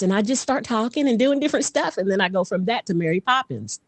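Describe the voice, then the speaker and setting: A woman guest who is a vocal coach and voice actor, telling stories in a lively casual way, often laughing and dropping into voices. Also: a little high, fast, few pauses, no echo. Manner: animated, laughs often, slips into character voices. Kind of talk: casual podcast storytelling.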